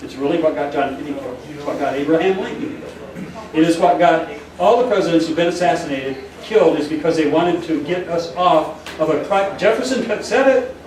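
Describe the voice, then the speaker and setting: A man's voice: fairly high pitch, animated, normal speed, darkish tone. A man speaking at a political meeting, rambling and telling a joke with acted-out voices. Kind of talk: public talk to a meeting. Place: meeting room in a church. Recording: echoey hall, far from the mic, crowd noise.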